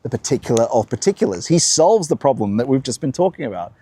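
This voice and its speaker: A man's voice: mid-range voice, sing-song, fast, mellow, slight background noise. A man hosting a live-streamed talk while walking outdoors, musing and answering his own questions. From Australia. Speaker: host. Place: outdoors by the coast.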